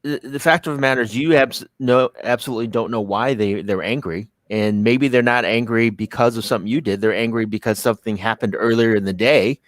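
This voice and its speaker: A man's voice: mid-range voice, brisk, hardly any pauses, dry recording. A man co-hosting a casual business chat, laughing often and restarting his phrases.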